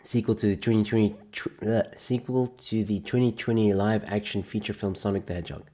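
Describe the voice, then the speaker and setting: A man's voice: on the low side, steady tone, a little fast, dark tone. A man hosting a live stream, chatting casually and joking sarcastically while he reads out film synopses. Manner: rambling, jokey and sarcastic, reading film synopses aloud. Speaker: host.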